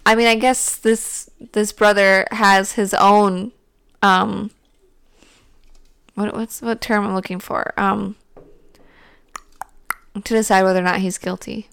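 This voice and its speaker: Young female co-host, mid-pitched, musing and rambly, dead-dry recording. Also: level tone, slow pace, vocal fry, pauses often, fairly bright tone, clean tone, no echo. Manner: musing, talks through thoughts with fillers. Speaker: podcast co-host. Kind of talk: casual true-crime chat.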